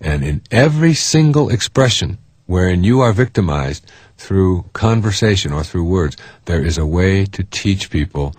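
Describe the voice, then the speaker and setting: Low husky earnest male speaker. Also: expressive, moderate pace, darkish tone, dry recording. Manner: earnest, conversational, with fillers and repeated phrases. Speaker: self-help speaker. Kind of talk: recorded self-help talk.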